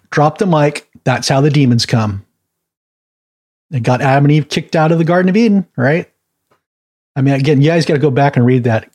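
A man's voice: medium pitch, a little mellow. A man teaching a Bible class in a chatty, informal way, laughing at his own stories and adding many asides.

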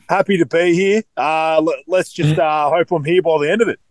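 A man's voice: fairly high pitch, steady tone, moderate pace, no echo. A man co-hosting a podcast with crude, jokey banter. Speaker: podcast co-host.

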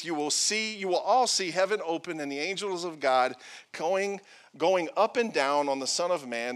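A man's voice: fairly high pitch, fairly bright tone. A male pastor preaching a sermon, reading scripture aloud with playful asides and acted-out quotes.

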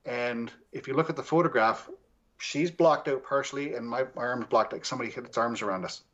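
A man's voice: medium pitch, brisk, fairly bright tone. Rambling male investigator on a muffled call. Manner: rambling, with many restarts and fillers. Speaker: paranormal investigator guest. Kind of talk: casual interview storytelling.

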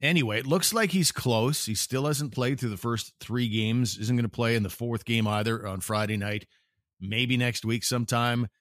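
A man's voice: medium pitch, moderate pace, a bit bright, no echo, clean studio sound. A man hosting a casual sports talk podcast, chatting and joking with sarcastic banter. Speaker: podcast host.

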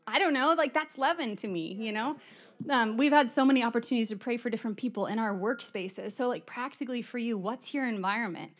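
A woman's voice: fairly high pitch, fast talker. A middle-aged woman giving a conversational sermon, chatty and storytelling, acting out quoted exchanges. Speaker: church speaker.

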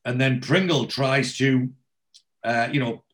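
A man's voice: mid-range voice, slow. A man casually recapping a TV episode, quoting the characters' lines with frequent ums and restarts.

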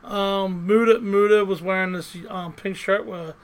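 A man co-hosting a podcast, telling rambling, animated stories full of fillers and restarts. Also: high voice, normal speed, clean tone, low-quality recording. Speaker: podcast co-host. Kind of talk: casual chat.

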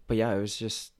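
A young man from Idaho, a podcast guest telling stories in a relaxed way, with lots of fillers. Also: fairly low pitch, vocal fry. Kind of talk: casual storytelling.

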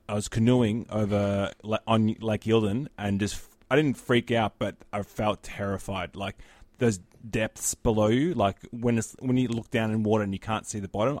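A man's voice: lowish voice, a little mellow, dry recording. Dry-voiced man, rambling chat. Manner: laughing, rambling, trails off with ums. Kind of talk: casual chat.

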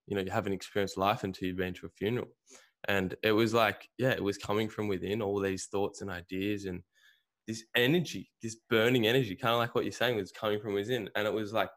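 A man's voice: on the low side, fairly bright tone. A young man hosting a podcast, talking in a laid-back, casual way full of "man" and "you know". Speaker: podcast host. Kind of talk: casual chat.

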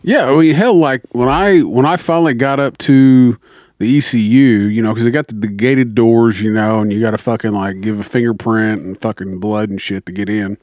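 A man's voice: mid-range voice, moderate pace, no echo. A man telling a story among friends, swearing freely and acting out both sides of the exchange. His voice sits in a middle range and sounds close and dry, with no room around it. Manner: profane, animated storytelling with quoted dialogue. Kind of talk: casual chat.

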